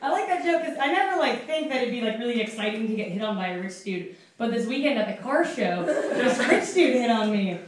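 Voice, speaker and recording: High-voiced woman emcee, distant and echoey. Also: animated, fairly quick, few pauses. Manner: casual, rambling with filler words. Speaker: open mic host. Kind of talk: emceeing and stand-up. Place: small club at an open mic. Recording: echoey room, far from mic, noisy.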